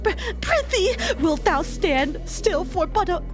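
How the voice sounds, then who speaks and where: A woman's voice: very high voice, big pitch swings, takes it slowly, over music, voice pushed up, heavily acted. A woman voicing a gallant knight who speaks in flowery old-fashioned English. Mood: grandiose. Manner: archaic, flowery.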